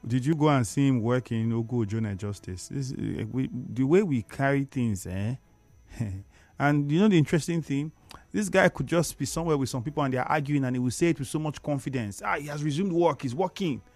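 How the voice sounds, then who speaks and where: A man's voice: medium pitch, brisk, darkish tone, dry recording, soft background music. A Nigerian man hosting a radio talk show, reading out listener comments and lecturing callers with emphatic repetition. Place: radio studio. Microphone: studio microphone.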